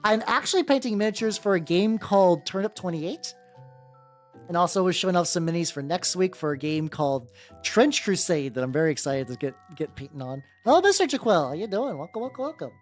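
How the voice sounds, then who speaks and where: Woman streamer painting minis, lowish voice that bounces all over, swears a lot, faint music behind. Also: expressive, brisk. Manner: chatty, swears freely, greets chat by name, laughs often. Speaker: VTuber streamer painting miniatures. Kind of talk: casual livestream chat. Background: soft background music.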